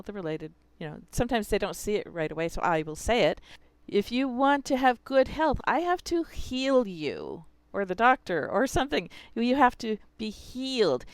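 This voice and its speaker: A woman's voice: sits high, clear, resonant tone, dry recording. A woman teacher explaining how she teaches spelling, talking through her students' examples as she goes. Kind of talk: instructional video.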